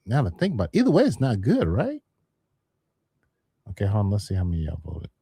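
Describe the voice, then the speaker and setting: A man's voice: lowish voice, huge pitch swings, fairly quick, creaky, mellow, husky, no room sound, studio quality. A man hosting a live stream in a casual, chatty way, calling out poll votes to viewers. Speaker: livestream host.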